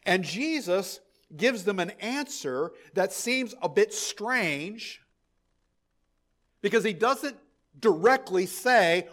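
A man preaching a verse-by-verse sermon, his voice sitting a little high for a man. He talks with animated emphasis, often stumbling over repeated words before pressing on. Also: measured pace. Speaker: pastor. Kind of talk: expository sermon.

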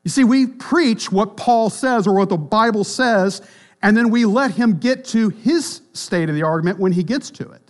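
A high-pitched man preaches a sermon in a church. He speaks emphatically, building to loud declarations and then dropping to quiet, low lines. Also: moderate pace. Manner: emphatic, rises and drops sharply in pitch and volume. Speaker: pastor.

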